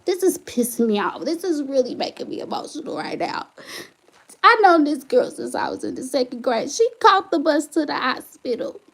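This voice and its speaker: A woman's voice: sits high, big pitch swings, moderate pace, a bit bright. A woman hosting her own channel, venting with passion in a live stream, firing off repeated rhetorical questions and reading viewer comments aloud. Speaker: channel host, single mother. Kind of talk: emotional livestream venting.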